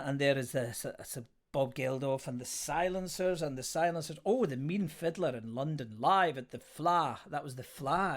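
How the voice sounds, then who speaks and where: A man in middle age reads old newspaper clippings aloud in a loose, rambling way, breaking off for self-mocking asides. His speaking voice sits slightly high for a man. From Scotland. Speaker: musician reading old press clippings to viewers. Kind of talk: casual livestream chat.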